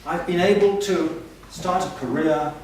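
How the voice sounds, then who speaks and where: A man's voice: fairly high pitch, a little slow, a little hiss or hum, natural voice. A man playing a pompous, boastful male language professor in a stage comedy sketch, heard from far off in an echoey hall. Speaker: comic stage performer.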